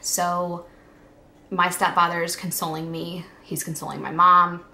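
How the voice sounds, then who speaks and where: A young woman vlogger telling a personal story in a halting, emotional way, with many fillers. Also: on the low side, level tone, pushed and bright.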